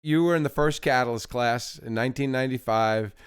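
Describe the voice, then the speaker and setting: Smooth-voiced man reminiscing with a guest. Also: medium pitch, fairly quick, no room sound, clean studio sound. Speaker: host. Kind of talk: casual conversation.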